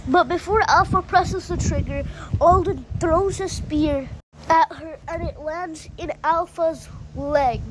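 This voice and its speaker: Brief: high-voiced woman, slow, casual story recap. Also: slight background noise, low-quality recording. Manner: breathless plot recap, many "and then"s. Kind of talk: casual fan-fiction retelling.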